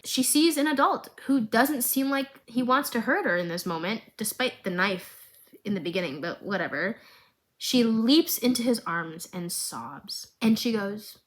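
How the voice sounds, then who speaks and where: A young woman talks straight to her viewers in a casual vlog recap, her voice pitched in an ordinary middle range. She retells each scene dramatically and expressively, and keeps breaking off with chatty asides to the audience. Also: low-quality recording. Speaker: video creator recapping a series.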